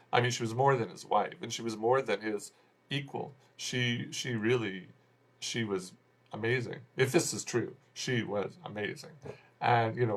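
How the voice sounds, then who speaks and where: A man giving a casual spoken movie review, rambling and exasperated, often restarting his sentences. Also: mid-range voice. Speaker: film reviewer.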